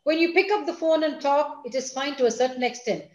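Expressive woman teaching a class. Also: sits high, fairly quick, roomy sound, highs cut off. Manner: expressive, teacherly, addresses listeners directly. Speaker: school principal giving a talk. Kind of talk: online lecture to students and parents.

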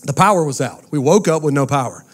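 A man, preaching a sermon to a church crowd with lively storytelling and call-outs to the congregation. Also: a little high, quick pace, breathy edge. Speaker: pastor. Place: church sanctuary with a live audience.

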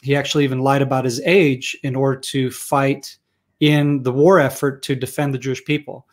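A middle-aged man from Israel, a guest in a conversational interview, telling family stories in an animated way and laughing often. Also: mid-range voice, brisk.

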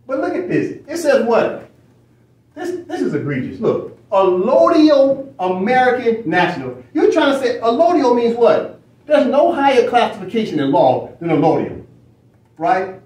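A high-voiced man lecturing as he reads from a screen. He presses his points with repeated phrases and rhetorical questions. He sounds a little off mic in an echoey room. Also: very animated, normal speed, a little mellow, distant mic. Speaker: study session teacher. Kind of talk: lecturing while reading from a screen.

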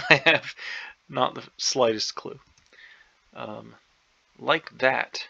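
A man with a sharp, gravelly voice thinks aloud through a crossword puzzle. He talks in hesitant, half-sure bursts, stacking ums and second guesses. The recording is dull and lo-fi. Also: medium pitch, slow pace, long pauses, dry recording. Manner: hesitant, unsure, many ums and self-doubts. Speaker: crossword solver.

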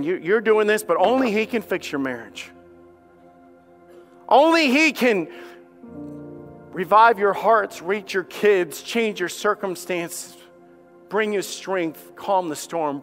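Soft music plays behind a male pastor whose sermon is expressive, slow and fairly bright in tone. Full of passion, he trips over repeated words and takes on the voices of skeptics with a climbing pitch.

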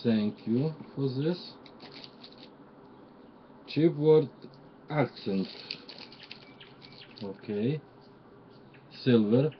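A man speaks slowly and haltingly in a lowish voice, naming each gift as he unboxes it and filling his pauses with "uh". The sound is dull and lo-fi, with a faint outdoor hum of birds and insects behind him. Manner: halting, pauses with many "uh" fillers while naming items. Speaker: crafter showing gifts. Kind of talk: unboxing show-and-tell.

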